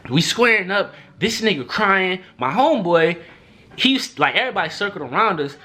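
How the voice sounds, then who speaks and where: Animated young man telling a story. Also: moderate pace. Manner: animated, slangy, acts out quotes with big pitch jumps. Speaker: vlogger. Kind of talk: storytime monologue.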